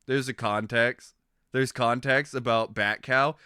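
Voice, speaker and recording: Rambling excitable man, bright voice. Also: mid-range voice, measured pace, clean tone, dry recording, studio quality. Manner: rambling, excitable, swears freely. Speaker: streamer. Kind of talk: casual stream chat.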